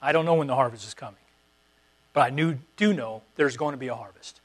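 Man preaching a sermon, soft to emphatic. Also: mid-range voice, quick pace. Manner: preacherly, repetitive exhortations swinging from quiet to emphatic. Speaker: pastor.

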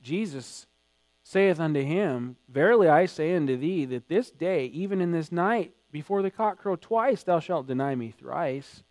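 Male pastor, slightly high voice, emphatic sermon delivery, dry sound with hum. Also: lively intonation, unhurried, no echo. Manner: emphatic preaching, swelling louder in acted quotes.

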